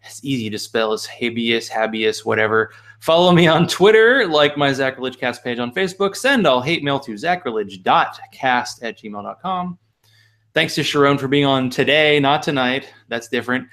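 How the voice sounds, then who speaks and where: Laid-back male host, mid pitch, loose and joking. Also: normal speed, sharp tone. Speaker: podcast host. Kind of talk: casual interview and sign-off.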